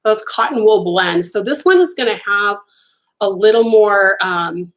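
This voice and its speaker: A woman hosting a casual live stream as a crochet designer. She is chatty and enthusiastic, addresses viewers by name, and sounds a little hoarse as she keeps clearing her throat. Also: mid-range voice, lively intonation, a little slow, a bit bright, low-quality recording.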